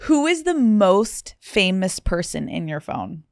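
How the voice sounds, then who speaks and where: A woman's voice: mid-range voice, big pitch swings, slow pace, no echo, studio quality. A young adult woman hosting a podcast, asking questions with gushing, fan-like enthusiasm in casual chat. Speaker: podcast host. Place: podcast studio.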